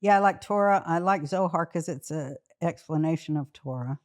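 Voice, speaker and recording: A woman guest telling lively stories in casual chat, often breaking into laughter. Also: low voice, normal speed. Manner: animated storytelling, laughs often.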